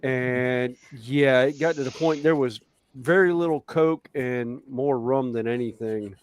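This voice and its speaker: A man with a Southern American accent, chatting casually and telling stories with an animated delivery. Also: medium pitch, a little slow. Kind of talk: casual chat.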